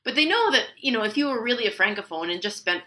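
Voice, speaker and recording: A woman's voice: fairly high pitch, expressive, fast talker, bright, forceful tone. A middle-aged woman, a linguist guest on a podcast interview, talking in a chatty way and laughing often as she explains. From Canada.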